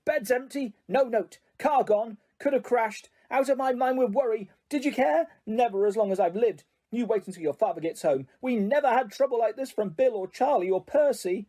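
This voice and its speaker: A narrator voicing a plump, scolding middle-aged mother in a whispered role-play, breathy and soft, with sharp bursts. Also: medium pitch, expressive, fairly quick. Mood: furious.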